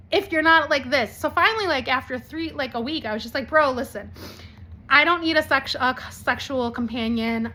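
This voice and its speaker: A woman in her forties talking candidly to camera as a vlogger, blunt and animated, swearing freely. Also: high voice. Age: 40s.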